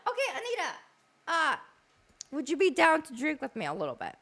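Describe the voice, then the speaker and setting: A woman hosting a casual interview stream, excitable and often stumbling over her words. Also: sits high, fairly quick. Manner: excitable, stammering restarts. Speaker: streamer host.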